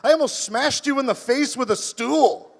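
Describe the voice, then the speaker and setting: A man's voice: very high voice, normal speed, creaky, big-room sound, pitched above the performer's own voice, exaggerated voice. Man doing a blunt, cheerfully menacing hospital roommate. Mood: matter-of-fact. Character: blunt middle-aged male roommate in hospital.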